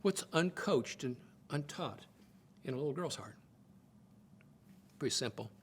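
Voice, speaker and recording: Teaching on marriage in a sermon-like style, an older man from the United States shares family stories and expressively acts out quotes, his pitch and loudness swinging. He often repeats words when beginning a phrase and speaks unhurriedly, over a slight hiss or hum.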